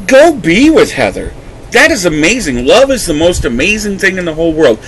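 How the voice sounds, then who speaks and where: A man's voice: high-pitched, sing-song, normal speed, slight background noise, poor audio. A man vlogger delivering an angry, emotional rant to camera, swearing heavily as his voice rises and drops. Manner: heated, swearing, voice rising and dropping.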